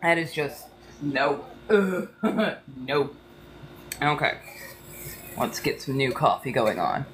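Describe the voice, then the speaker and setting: A woman's voice: low-pitched, sing-song, takes it slowly, long pauses, a little hiss or hum. A woman hosting a casual livestream, ranting heatedly with lots of swearing and a slight Southern accent. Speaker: tarot livestream host.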